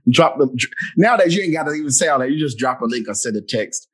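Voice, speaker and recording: A man hosting a casual chat, playful and teasing, breaking into loud laughter often. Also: mid-range voice, animated, fast, breathy edge.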